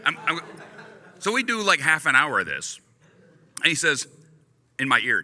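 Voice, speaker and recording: A man's voice: a little high, moderate pace, pauses often. A man telling a funny story on a convention panel, laughing and acting out the quotes. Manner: lively, laughing, acts out quotes. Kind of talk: animated storytelling. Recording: hall reverb.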